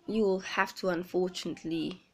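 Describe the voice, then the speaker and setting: A woman speaking earnestly in a personal confessional vlog, pausing often. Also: fairly low pitch, fairly even intonation. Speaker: vlogger.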